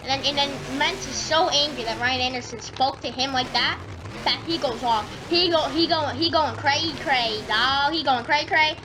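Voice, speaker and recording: A woman's voice: high voice, normal speed. A woman narrating a comedy game video in a rambling, hyped, slangy way. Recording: noisy with engine sounds.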